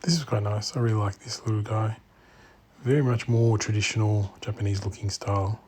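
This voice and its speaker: A man giving a casual walk-through commentary in an indoor exhibition room, speaking in quiet, murmured remarks that often drop to a whisper. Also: fairly low pitch, a little fast, husky. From Australia. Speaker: bonsai channel host.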